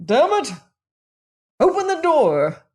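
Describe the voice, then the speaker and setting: A woman voicing an angry man who shouts furiously. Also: sits high, wildly swooping pitch, takes it slowly, pitched above the performer's own voice, full character voice.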